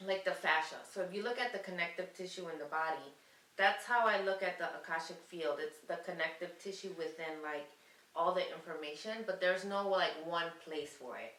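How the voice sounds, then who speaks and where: A woman's voice: fairly low pitch, a little fast, fairly bright tone, reverberant, distant mic, rough recording. A woman guest on a casual podcast, explaining spiritual ideas in a rambling way, searching for words and laughing often. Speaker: guest, Akashic Records reader.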